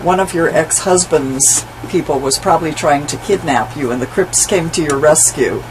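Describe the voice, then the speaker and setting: A woman's voice: low voice, moderate pace. Curious woman interviewer, noisy recording. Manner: prompting, curious. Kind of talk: interview questions. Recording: noticeable background noise.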